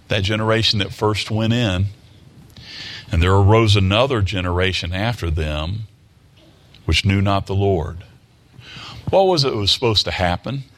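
A man's voice: fairly low pitch, a bit bright. A man preaches a sermon, moving between scripture reading and plain explanation. He talks in a folksy, conversational way and checks in with his hearers through rhetorical tag questions.

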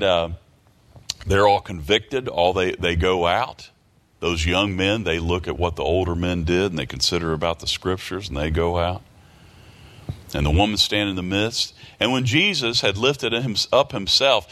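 A man's voice: low voice, moderate pace, a bit bright. A man preaching a sermon who reads scripture aloud, repeats his phrases and keeps asking rhetorical questions. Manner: reads scripture aloud in King James wording.

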